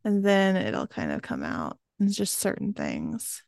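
A woman's voice: medium pitch, wildly swooping pitch, measured pace, creaky, a little mellow, dry recording, studio quality. A woman who grew up in Georgia and southern Maryland, co-hosting a podcast with playful, joking banter. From Georgia and southern Maryland, USA. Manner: playful, jokey, presents the research. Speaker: podcast co-host. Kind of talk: casual chat.

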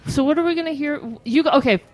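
A woman's voice: high voice, quick pace, dull audio. Woman radio co-host, from Rochester, playful interviewer. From Rochester, New York. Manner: playful, teasing questions. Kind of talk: casual chat.

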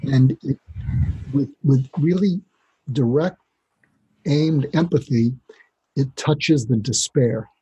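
A man speaking as a doctor guest on a podcast interview, explaining calmly and acting out short exchanges to demonstrate. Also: medium pitch, slow, pauses often, breathy edge, muffled recording. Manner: calm, explanatory, demonstrates dialogue.

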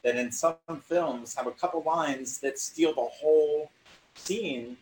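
A man's voice: fairly high pitch, slow, darkish tone. A man interviewing an acting teacher, earnest and agreeable, often chiming in with short assents. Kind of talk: conversational interview. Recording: roomy distant sound with faint background noise.

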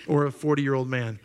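A man in his thirties preaches a sermon with an animated delivery. He steps into quoted voices in a raised pitch, then drops back to his own mid-range voice. He keeps checking in with his listeners through quick questions. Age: 30s. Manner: asks the congregation questions. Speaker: pastor.

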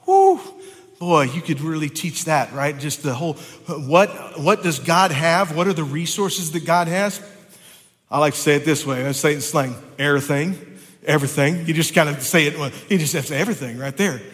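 A man's voice: a little high, fairly quick, a bit bright. A male pastor preaching a sermon in a church, building with passion and often repeating words as he goes. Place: church sanctuary. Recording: long reverb of a church hall.

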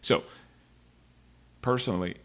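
A man's voice: deep voice, slow pace, a bit bright. A man telling a personal story in a casual, rambling monologue to his viewers. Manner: rambling, digressive, frank.

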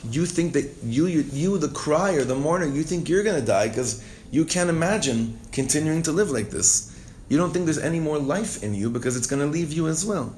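A man teaching a Torah class, reading Hebrew lines and explaining them with strong emotion. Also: a little hiss or hum. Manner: reads Hebrew text, then translates and explains with emotion; expressive, rises in pitch and volume when stirred. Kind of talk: text-based Torah class.

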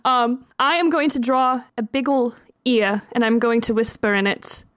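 A woman's voice: on the high side, steady tone, normal speed, a bit bright, clear, resonant tone, dry recording, clean studio sound. A woman playing a tabletop game, chatty and giggly. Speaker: player.

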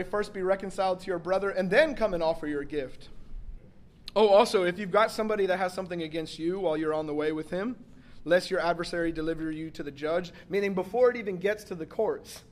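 A man's voice: sits high, fast. A man preaching a sermon as pastor, in a casual, joking way, acting out quotes and saying "like" a lot. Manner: casual, joking delivery with acted-out quotes and frequent 'like'.

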